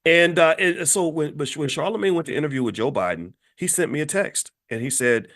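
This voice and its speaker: Man, channel host, fairly high voice, unscripted opinion monologue, emphatic, repeats himself, gets heated. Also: a little fast. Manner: emphatic, repetitive, rising and heated when animated; restarts and stumbles on words. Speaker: channel host, finance commentator.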